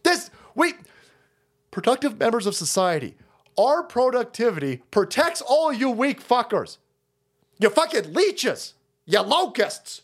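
A man ranting on a livestream, crude and mocking, whose voice leaps up and down in pitch as he flips between grumbling low and shouting high. He curses constantly and keeps dabbing at a bleeding nose. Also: sing-song, unhurried. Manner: profane, mocking, loud swings into shouting. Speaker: streamer host.

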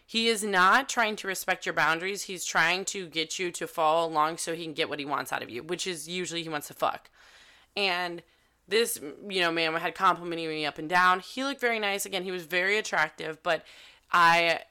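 A young woman hosts a casual podcast and tells a dating story with frank, animated energy, cursing freely. Her voice sits a little low in pitch for a woman, yet it sounds bright, crisp and smooth. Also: normal speed. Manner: candid, animated, swears freely. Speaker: podcast host.

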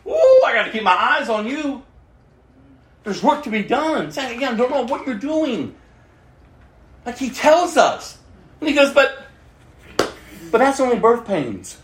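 High-voiced guy preaching, super lively, laughs a lot, echoey church sound. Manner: animated, laughing, quoting himself in shifting voices. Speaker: pastor. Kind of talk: sermon.

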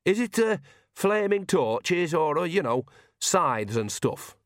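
Eager, dutiful son, higher voice, halting and unsure, put on by a male reader. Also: sing-song, dry recording, clean studio sound. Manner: hesitant, halting with fillers. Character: big dutiful grown son, eager to please.

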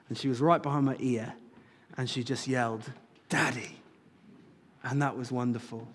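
A man's voice: medium pitch, darkish tone. Earnest male pastor in a reverberant church. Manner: earnest, rising to fervent appeals. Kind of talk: sermon. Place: church sanctuary. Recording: long hall reverb.

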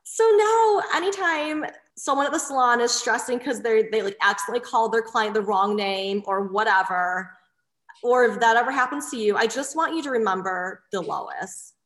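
A woman salon owner chatting casually and telling lively stories. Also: fairly high pitch, normal speed. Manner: animated, expressive storyteller. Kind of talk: casual chat, storytelling. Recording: echoey room.

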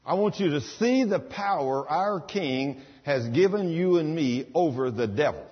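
A man's voice: a little high, expressive, a little slow, slightly rough. A man preaching a sermon, emphatic, rising into commanding bursts. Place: church. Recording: dull sound with long hall reverb.

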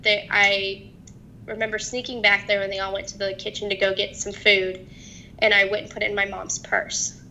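A young woman telling her own story as a guest in an interview, halting and hesitant, with many restarts. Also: medium pitch, level tone, bright, forceful tone, a little hiss or hum, low-quality recording. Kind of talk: personal testimony in an interview.

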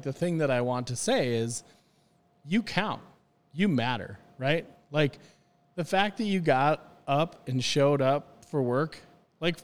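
A man's voice: medium pitch, long reverb tail. A man on a podcast talking earnestly about hospitality in a rambling, casual way with many restarts.

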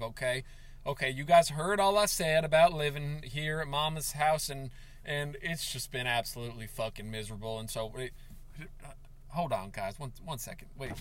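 A man hosting a comedic podcast in a crude, rambling, self-pitying way, breaking into yelled outbursts. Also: on the high side. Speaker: podcast host.

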